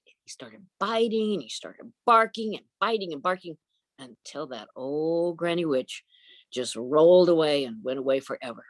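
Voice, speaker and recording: A woman telling a folk tale over a video call, her voice low and gentle. The sound is dry and close, with little room. Her delivery is folksy. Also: animated, normal speed, no room sound. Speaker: storyteller. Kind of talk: oral storytelling.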